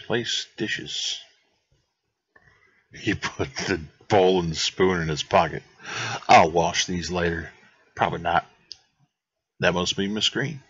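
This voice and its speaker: A man doing a husky Southern private eye. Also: deep voice, takes it slowly, pauses often, a bit bright, no room sound, muffled recording, full character voice. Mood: dry. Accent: Southern US, put on. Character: weary male private detective, gruff and broke.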